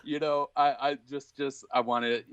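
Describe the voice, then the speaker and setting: A man's voice: mid-range voice, measured pace, dull audio, noisy background. A man co-hosting a casual podcast, bantering playfully. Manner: animated, laughs often, playful banter. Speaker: podcast co-host.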